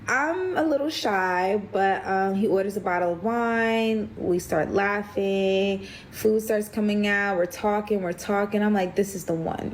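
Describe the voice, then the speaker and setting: A woman from New York telling a dating story in a chatty, animated way, acting out what each person said. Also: medium pitch, a little hiss or hum, rough recording. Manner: chatty, animated, acts out quoted dialogue. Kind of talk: casual storytelling.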